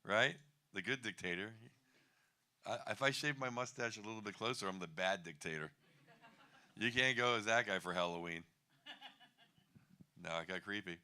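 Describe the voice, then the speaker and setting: A man's voice: on the low side, normal speed, long pauses, pushed and bright. A middle-aged man doing a stand-up set, wry and self-deprecating, chuckling at his own lines. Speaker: stand-up comedian.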